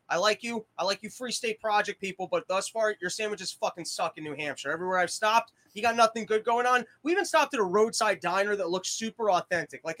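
High-voiced man ranting profanely. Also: pushed and bright. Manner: profane rambling comedic rants. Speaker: podcast host. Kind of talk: casual podcast chat. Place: small shed studio.

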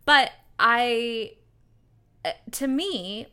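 A woman's voice: a little high, expressive, drawn-out words, pushed and bright, clear, resonant tone. A young woman guest on a podcast, chatting candidly and animatedly, acting out quoted talk. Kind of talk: casual chat.

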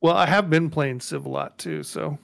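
A man with a somewhat high, gravelly voice on a gaming podcast. He delivers blunt, deadpan jokes in a casual chat. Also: moderate pace. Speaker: podcast co-host.

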